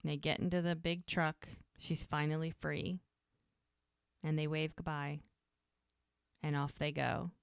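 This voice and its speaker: A woman's voice: low-pitched, flat delivery, measured pace, creaky, pauses often, clean tone, no echo. A middle-aged woman co-hosting a podcast, chatting casually as she recaps a TV episode and retells the scenes. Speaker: podcast co-host. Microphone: podcast microphone.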